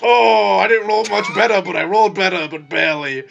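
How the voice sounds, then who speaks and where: A man's voice: high-pitched, normal speed, gravelly. Guy in a tabletop game, muffled lo-fi mic, music faint behind. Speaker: player. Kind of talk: casual tabletop game chat.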